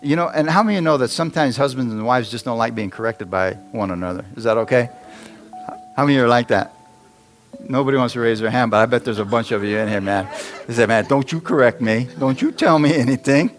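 A man's voice: medium pitch, quick pace, soft background music. A middle-aged man preaching a sermon in a church, talking conversationally and asking the congregation frequent questions. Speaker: pastor.

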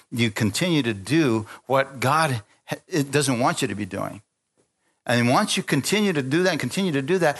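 A middle-aged man preaching a sermon, telling personal stories and acting out the voices in them. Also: mid-range voice. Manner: animated storytelling, acting out voices. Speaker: pastor.

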